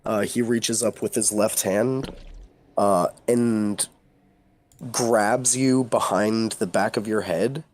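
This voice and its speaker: A man narrating as game master, describing scenes in a halting way with many fillers. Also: lowish voice, steady tone, darkish tone, slight background noise.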